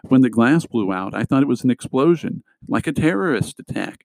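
A man's voice: medium pitch, lively intonation, a little fast, gravelly, darkish tone, no room sound, rough recording. A man reading a middle-grade novel aloud as scripted narration, giving small voice shifts to the characters' lines. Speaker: audiobook reader.

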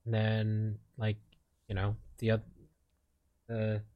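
A man's voice: lowish voice, completely flat delivery, slow, dry recording, muffled recording. A young man from the Philippines chatting casually as a streamer, rambling with lots of fillers and restarts. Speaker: streamer and podcast co-host. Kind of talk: casual chat.

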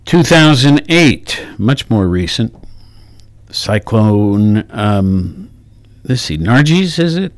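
A man's voice: fairly low pitch, very animated, slow, no room sound. A man hosting a morning radio talk show, chatting casually with many fillers and self-corrections. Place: radio studio. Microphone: studio microphone.

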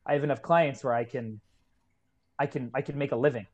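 A man's voice: medium pitch, steady tone, brisk, darkish tone, dull audio. A man in his twenties, a kettlebell coach, telling his story as a podcast guest in an earnest, heartfelt way. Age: 20s. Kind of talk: casual podcast conversation.

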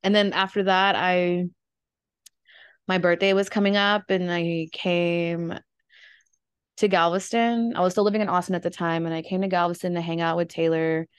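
A woman's voice: fairly low pitch, little pitch movement, normal speed, smooth, dry recording, clean studio sound. A young woman hosting a casual podcast conversation, rambling with fillers and nervous laughs. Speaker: podcast host. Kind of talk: casual conversation about grief.

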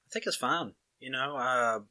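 A young man with a thick Alabama Southern accent talks casually in a bright, forward tone. He wanders through his points with fillers and false starts, animated when telling a story. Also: medium pitch, moderate pace. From Walker County area, Alabama. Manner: rambling, many restarts and fillers, animated storytelling. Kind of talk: casual chat.

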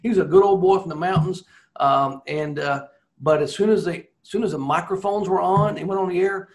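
Man, ex-racing broadcaster, swapping stories in an interview; rambling, animated, voice on the higher side. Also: brisk. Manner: rambling, animated anecdotes with many restarts. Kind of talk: casual storytelling interview.

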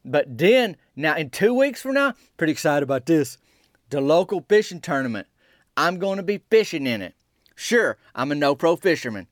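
Folksy rambling man, slightly high voice. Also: a bit bright, no room sound, clean studio sound. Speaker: podcast host. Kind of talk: rambling comedic podcast monologue.

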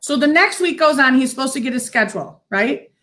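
A woman's voice: high voice, animated, fairly quick, sharp tone. A middle-aged woman, a psychic medium, chatting in an interview, telling stories with lots of fillers and easy laughter. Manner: chatty storyteller, laughs easily, many fillers. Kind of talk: casual interview chat.

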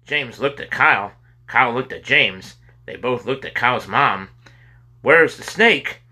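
A man reading a children's chapter book aloud with expressive delivery. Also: medium pitch, moderate pace, breathy edge. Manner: expressive reading with sudden loud cries for characters. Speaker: storybook reader. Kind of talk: children's story read aloud.

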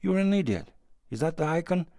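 A man voicing a scheming older father who gives blessings tearfully and fusses loudly. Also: mid-range voice, normal speed, dry recording, studio quality, close to an everyday voice. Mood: angry. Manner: fussy, tearful, then angry. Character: scheming emotional old father, loud.

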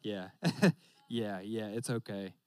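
A man's voice: lowish voice, takes it slowly, smooth, dry recording. A young man preaching a casual sermon, joking and talking straight to his listeners. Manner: joking, talks straight to the audience with "y'all".

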